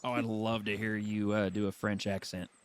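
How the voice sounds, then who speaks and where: A man's voice: on the low side, little pitch movement, normal speed, heavy background noise. A man in in-character western roleplay chat, folksy and teasing. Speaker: roleplay player.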